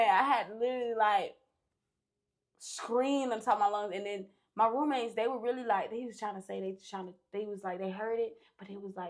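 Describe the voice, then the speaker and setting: A young woman guesting on a podcast, retelling a story in a casual, slangy way with a lot of swearing and loud, shouted bursts. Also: mid-range voice.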